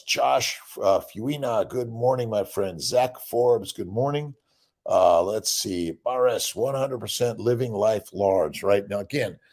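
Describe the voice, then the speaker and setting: An older man chats through a morning livestream in a low, gravelly voice with a husky edge. He rambles cheerfully, tosses in fillers, and keeps checking in with "right?". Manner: rambling, upbeat, reads viewer names with many "uh"s and "right?". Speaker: livestream host. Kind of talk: casual morning livestream chat.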